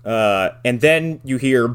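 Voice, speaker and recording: A man's voice: mid-range voice, expressive, fairly quick, heavy background noise. A man in casual chat, sardonic and profane, laughing as he mocks a bad movie.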